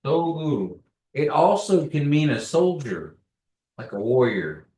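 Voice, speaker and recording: A man's voice: a little high, big pitch swings, mellow. Man teaching a language class in an echoey room. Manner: patient, repeats words slowly for learners. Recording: echoey room, distant mic.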